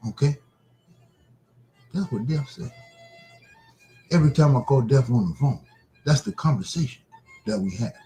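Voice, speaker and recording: A man hosting his own broadcast, preaching casually in a repetitive, drawn-out way. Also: medium pitch, expressive, warm tone, soft background music, rough recording. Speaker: broadcast host.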